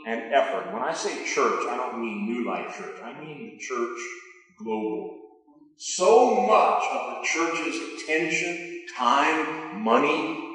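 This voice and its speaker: Over the sound system mic in an echoey church hall with long reverb, a pastor preaches to his congregation. His mid-range voice is slightly bright, and he speaks emphatically, repeating key phrases and putting questions to the people.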